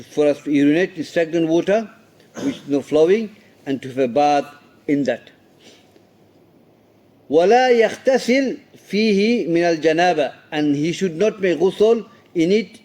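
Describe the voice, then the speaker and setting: A man's voice: fairly high pitch, moderate pace, warm tone. A man teaching a religious lesson in English, explaining rulings step by step, slipping in Arabic terms and quoted recitations and checking in with "okay?". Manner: repeats himself and checks understanding with "okay?". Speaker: Islamic studies teacher. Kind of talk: classroom lesson explaining hadith.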